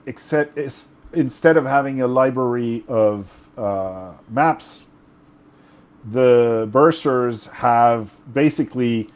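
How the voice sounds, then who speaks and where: A man's voice: mid-range voice, darkish tone. A man whose first language is French, running a tabletop game in English with rambling, self-correcting explanations. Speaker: game master.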